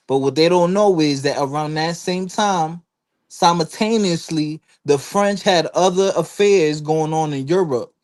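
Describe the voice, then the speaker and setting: A man on a casual talk panel, telling stories with lots of fillers and acting out the people he quotes. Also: on the high side. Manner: animated storytelling, acts out quotes, frequent fillers. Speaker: panel guest. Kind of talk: casual chat.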